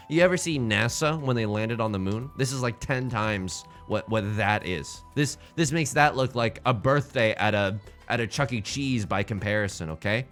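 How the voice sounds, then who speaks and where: A man streaming casually, telling jokes and stories in an animated, self-mocking way. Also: lowish voice.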